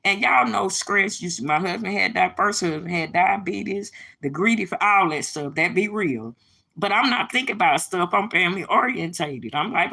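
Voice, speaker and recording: A middle-aged woman speaking on a casual livestream, preachy and emphatic, with a blunt, profane edge as she addresses her viewers directly. Her voice is gravelly and husky, with a tense, bright bite to it. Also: mid-range voice, lively intonation, moderate pace. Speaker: livestream host.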